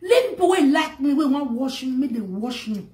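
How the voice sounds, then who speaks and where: Nigerian woman, high voice, emphatic rant to camera, roomy echo. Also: lively intonation, normal speed, darkish tone. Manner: emphatic, scolding, repetitive. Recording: echoey room.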